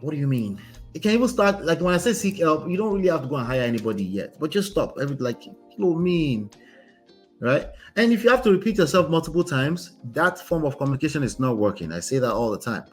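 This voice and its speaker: A man's voice: on the high side, sing-song, quick pace, faint music behind. Man coaching, chatty. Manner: conversational, keeps asking "right?", emphatic. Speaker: relationship coach host. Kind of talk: casual commentary on a reader's story.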